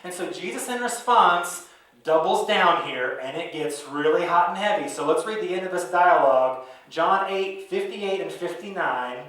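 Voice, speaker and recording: Pastor preaching in an echoey hall. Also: male voice, high voice, moderate pace. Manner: conversational, animated storytelling. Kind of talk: sermon. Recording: echoey room, mic from a distance.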